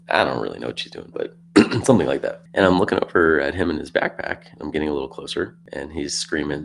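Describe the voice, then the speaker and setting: Very deep gravelly male podcast guest. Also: a little fast, a little hiss or hum. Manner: animated, acts out quotes, clears throat. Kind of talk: casual storytelling.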